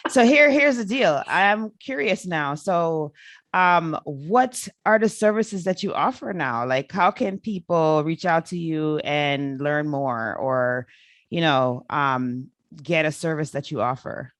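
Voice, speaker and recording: A woman with a very low voice hosts a podcast interview in a dry, close sound. She responds with short, encouraging reactions and asks her questions in an easy, relaxed way. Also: slow pace, dry recording. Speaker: podcast host. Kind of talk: casual interview chat.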